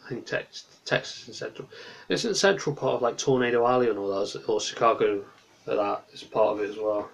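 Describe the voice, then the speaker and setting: A man's voice: mid-range voice, brisk, vocal fry. A tired man rambles through a late-night livestream from his small bedroom. He drifts from topic to topic and stops to answer his chat.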